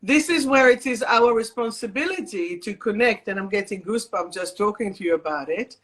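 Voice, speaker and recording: A woman's voice: medium pitch, lively intonation, fairly quick. Woman hosting a spiritual live chat. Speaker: host and energy healer. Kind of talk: casual live-stream chat.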